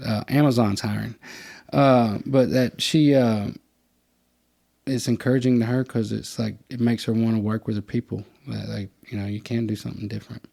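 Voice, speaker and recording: A man, hosting a podcast and telling stories in a casual, animated way, putting on higher voices for the people he quotes. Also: normal speed, creaky. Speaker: podcast host. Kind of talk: casual storytelling chat.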